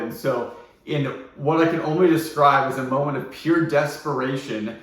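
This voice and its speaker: A man's voice: mid-range voice, normal speed, a bit bright. Rambling young man in an echoey room. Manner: rambling, self-deprecating, heavy on fillers and restarts. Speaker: vlogger. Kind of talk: casual storytelling.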